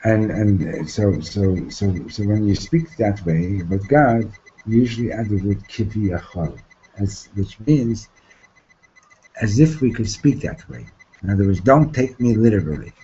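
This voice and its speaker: A man's voice: lowish voice, measured pace, warm tone, dull audio. Man teaching a casual Torah class. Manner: informal, repeats himself, asks "right?" often; mixes in Hebrew terms and translates them.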